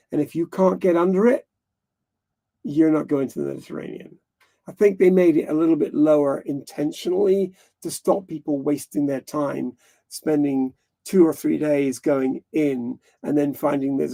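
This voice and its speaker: A man's voice: on the high side, vocal fry, mellow. A man hosting a live stream, talking casually and rambling frankly, swearing now and then.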